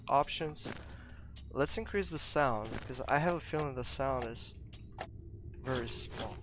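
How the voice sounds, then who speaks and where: A man's voice: medium pitch, noisy background. A man with Russian as his first language giving live commentary while playing a game, talking to himself, exclaiming and chuckling often. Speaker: let's play gamer.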